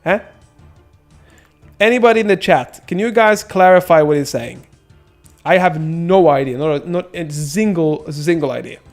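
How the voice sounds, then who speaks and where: A young man chats through a game stream in a loose, rambling way, reading chat aloud and joking. His voice sits a little high. Faint music plays behind him. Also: lively intonation, normal speed. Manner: joking, rambling, laughs often, silly sound effects. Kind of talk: casual gameplay commentary, reading chat.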